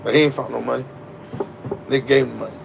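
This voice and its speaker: A man's voice: medium pitch, fairly even intonation, fast talker, vocal fry, a little hiss or hum. A man telling a story in a casual, slangy, emphatic monologue with a preachy edge.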